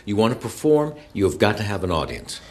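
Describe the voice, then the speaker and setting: A stern father from a film drama, firm and lecturing, drawing out his words for weight. His voice sits fairly low and swings widely in pitch as he scolds. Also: very animated, a little mellow. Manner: firm, lecturing, slows down for emphasis.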